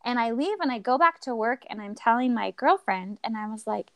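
Woman, young adult, podcast guest, expressive storyteller, acts out dialogue, laughs often, fairly high voice, dry close sound. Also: a little fast, hardly any pauses, clear, resonant tone, dry recording. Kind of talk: personal storytelling.

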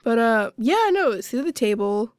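High-voiced woman, chatty podcast guest. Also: very animated, moderate pace, no room sound, studio quality. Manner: chatty, enthusiastic, jokey. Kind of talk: casual chat.

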